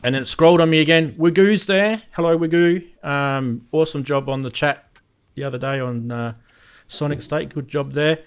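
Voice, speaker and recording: A man's voice: a little high, normal speed, hardly any pauses, smooth. A man with an Australian accent hosting a casual live stream, rambling and greeting viewers in the chat by name. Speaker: host of a synth live stream.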